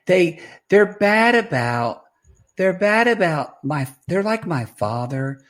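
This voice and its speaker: A man co-hosting a podcast from home at night, chatty and animated as he retells a reality show. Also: high-pitched, slow pace. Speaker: podcast co-host. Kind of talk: casual chat.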